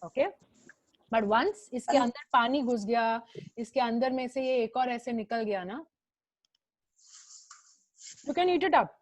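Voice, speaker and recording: Teaching online over video call, a woman with an Indian English accent talks very fast in a fairly high voice, pausing often. She says her instructions more than once, slips into Hindi, and calls out students by name to scold them.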